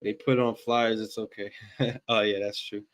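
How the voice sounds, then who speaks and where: A man's voice: on the low side, level tone, a bit bright. A man hosting a live stream, chatting casually and mockingly while he dials phone numbers. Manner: mocking, chatty, reads numbers aloud slowly. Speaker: streamer making prank calls.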